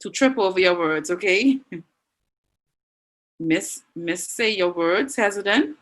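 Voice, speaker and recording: A woman teacher with a Bahamian accent, leading an online class and warmly reading out and praising students' answers. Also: lowish voice, lively intonation, slow pace, low-quality recording. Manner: encouraging, reads students' answers aloud with frequent praise.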